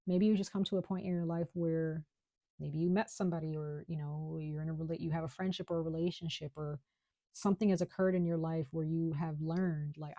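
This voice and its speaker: Woman, low voice, mellow tone, casual tarot reading, chatty and reassuring, dry close sound. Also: steady tone, a little fast, dry recording, highs cut off. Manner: chatty, reassuring, many fillers. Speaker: tarot reader.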